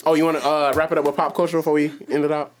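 A man co-hosting a podcast, loud and teasing in casual chat with friends. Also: a little high, flat delivery, rapid-fire, a loud crowd. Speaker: podcast co-host.

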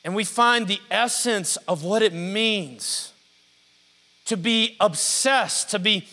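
A man preaching a lively call-and-response sermon, stretching out scripture words for emphasis. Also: high voice. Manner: energetic, drawn-out emphasis on scripture. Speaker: pastor. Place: church sanctuary. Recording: live sermon in a reverberant hall.

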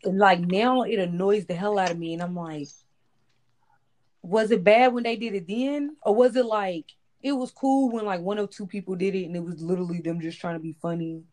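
A woman's voice: medium pitch, fairly even intonation, brisk, a little mellow. A woman in a casual podcast chat, frank and emphatic, speaking in loose slang. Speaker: podcast co-host.

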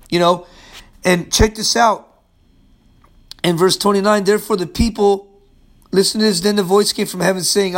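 A man preaching a sermon as pastor, emphatic and streetwise, swinging from loud calls to low, quiet murmurs.

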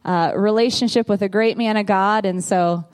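A woman in her thirties with a Southern US accent, telling her side of the story in a lively, laughing way during a sermon. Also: medium pitch, moderate pace, clean tone. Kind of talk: sermon told as a couple's story.

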